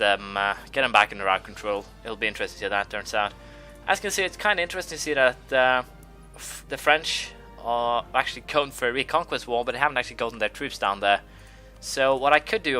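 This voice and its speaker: A man with a very bright, sharp voice talks through a strategy game, halting often with fillers and restarts while fighting the hiccups. His pitch sits in an ordinary middle range, and faint game music plays softly behind him. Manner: rambling, hesitant, many fillers and restarts. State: has the hiccups. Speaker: let's-play host. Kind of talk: gameplay commentary.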